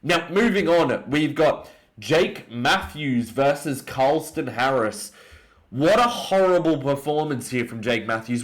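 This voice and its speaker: A young Australian man giving an opinionated, excitable casual breakdown of fights, often jumping up in pitch for emphasis. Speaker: MMA commentator.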